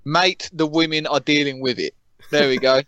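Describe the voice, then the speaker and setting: A young man co-hosting a podcast, chatting casually in a flat, monotone way. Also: a little high, normal speed, lo-fi sound, slight background noise. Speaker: podcast co-host. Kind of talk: casual chat.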